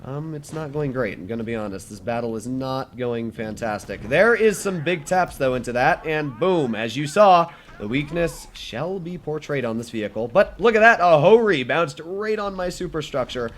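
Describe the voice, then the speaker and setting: A man's voice: a little high, expressive, normal speed, few pauses, slight background noise. A young man giving casual, chatty commentary over his own tank gameplay, correcting himself and humming as he plays. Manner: chatty, self-correcting, hums tunes while playing. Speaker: gaming YouTuber.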